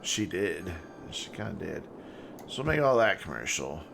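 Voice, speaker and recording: A man's voice: low-pitched, sing-song, normal speed, vocal fry, noisy background. A man streaming a city-building game, joking and rambling as he thinks aloud. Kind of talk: casual gameplay commentary.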